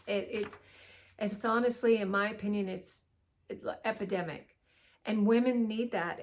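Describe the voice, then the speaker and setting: A middle-aged woman talking to camera in an earnest, halting way, full of restarts and at times choked up. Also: mid-range voice. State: choked up, emotional. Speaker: wellness vlogger. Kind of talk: heartfelt talk to camera.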